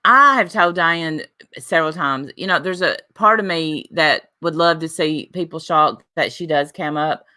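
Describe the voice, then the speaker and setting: A woman's voice: sits low, moderate pace, hardly any pauses, bright, forceful tone. A woman in her forties hosting a casual livestream, chatting and reading viewer comments aloud. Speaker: livestream host reading chat.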